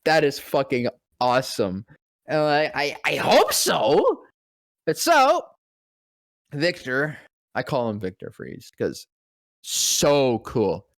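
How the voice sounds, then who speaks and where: A man, a guest voice actor, telling a story in casual podcast chat, profane and animated, often dropping into deep voices when quoting people. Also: takes it slowly, no echo, clean studio sound.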